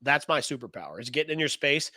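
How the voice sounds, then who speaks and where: Animated man on a podcast. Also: medium pitch, fast, dry recording, studio quality. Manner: animated, acts out quotes in different voices. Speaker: podcast co-host. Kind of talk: casual podcast chat.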